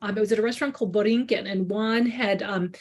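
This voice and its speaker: A woman journalist with a Chicago accent giving a relaxed library book talk, telling stories and acting out the people she quotes. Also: medium pitch, quick pace. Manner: chatty storyteller, acts out quoted people. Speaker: culinary journalist, author. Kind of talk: library book talk over video call.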